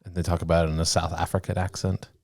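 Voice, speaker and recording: A young man co-hosting a podcast, easygoing and quick to laugh in casual chat. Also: low voice, level tone, a little mellow, no echo, studio quality. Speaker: podcast co-host.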